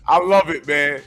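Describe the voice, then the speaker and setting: Male host, bright high voice, very lively pitch, excitable slang-heavy chat. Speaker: podcast host. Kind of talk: casual film chat.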